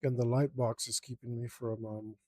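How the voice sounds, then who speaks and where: A man's voice: medium pitch, little pitch movement, moderate pace, a little mellow, no room sound. A young man inking a drawing, casually muttering and criticizing his own lines as he works. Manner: self-critical, mutters to himself while drawing. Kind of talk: casual work-along commentary.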